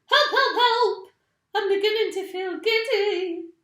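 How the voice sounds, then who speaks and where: A woman doing shrill old Mrs Twit. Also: lively intonation, slow pace, a bit bright, heavily acted. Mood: screaming. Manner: shrieking, panicky. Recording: roomy echo.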